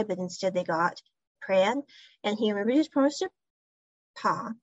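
A woman's voice: a little high, darkish tone, slightly rough, no echo. A woman giving a casual, rambling recap of a TV series, stringing events together with loose asides. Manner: rambling retelling with "so anyway" asides. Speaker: series reviewer. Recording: dull lo-fi recording.

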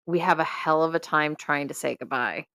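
An easygoing woman co-host in casual podcast chat, agreeable and quick to act out little examples. Her voice is low and smooth. The sound is dry and close. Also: sharp tone, no echo.

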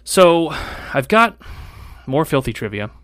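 A man's voice: a little high, big pitch swings, a little slow, a bit bright, a little hiss or hum. A young man hosting a casual podcast, telling candid, profane stories from school. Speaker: podcast host. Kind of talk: casual chat.

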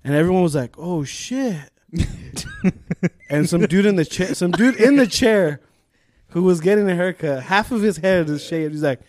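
A man's voice: high-pitched, moderate pace. A young man on a podcast, telling a story in casual chat, swearing a lot and acting out what people said. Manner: animated, profane, acts out quotes in raised voices. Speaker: podcast co-host.

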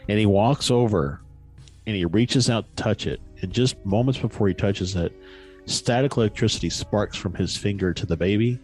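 Low-voiced man retelling a story. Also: normal speed, darkish tone, faint music behind. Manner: rambling, many fillers and restarts. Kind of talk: casual chat, retelling a story.

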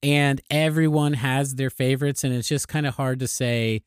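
A man's voice: mid-range voice, steady tone, normal speed, smooth, dry recording, clean studio sound. A man co-hosting a podcast, talking casually and upbeat, laughing often and restarting his sentences. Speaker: podcast co-host.

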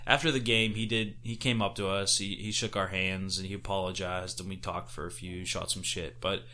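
A man co-hosting a casual sports podcast, telling stories in a heated, animated way and swearing freely. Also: low-pitched, fairly quick. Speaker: podcast co-host. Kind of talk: casual chat.

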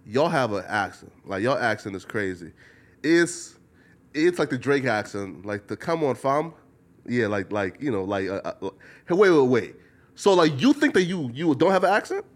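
A man's voice: mid-range voice, sing-song, normal speed. A man hosting a casual interview, rambling with lots of filler words. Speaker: podcast host.

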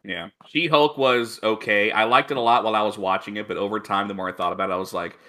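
A man's voice: on the low side, steady tone, fast, bright, forceful tone. A man co-hosting a podcast in casual chat, enthusiastic and prone to long explanations. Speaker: podcast co-host.

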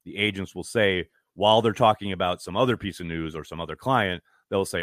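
A man hosting a podcast, chatting casually and reading viewer messages, animated and profane when ranting. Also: low-pitched, normal speed, no room sound, clean studio sound. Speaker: podcast host. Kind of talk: casual live-stream chat reading super chats.

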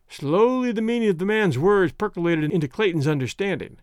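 A man narrating an adventure story in a measured, dramatic reading. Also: high voice, animated, a little mellow, clean tone, no echo, clean studio sound. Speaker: audiobook narrator. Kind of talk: scripted narration.

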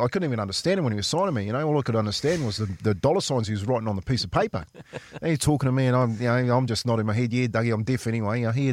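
A man's voice: medium pitch, no echo. A New Zealand man, a former rugby league player, telling chatty stories on the radio and calling people "mate". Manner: chatty, laughing, says "mate" often. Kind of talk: casual storytelling on radio.

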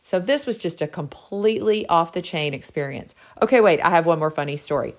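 Bubbly low-voiced woman telling stories. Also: lively intonation, fairly quick. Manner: bubbly and gushing, heavy use of "like". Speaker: realtor and podcast host. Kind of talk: casual solo storytelling.

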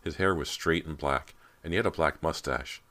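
A man narrating an audiobook in a measured, ominous way. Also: a bass voice, fairly bright tone. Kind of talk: scripted narration.

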